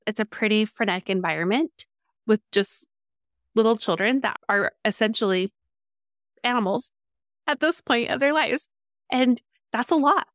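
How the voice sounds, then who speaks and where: Calm reflective woman coach, dry sound. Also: on the high side, normal speed, long pauses, no room sound. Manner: calm, reflective, frequent affirming murmurs. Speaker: parenting coach. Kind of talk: coaching conversation.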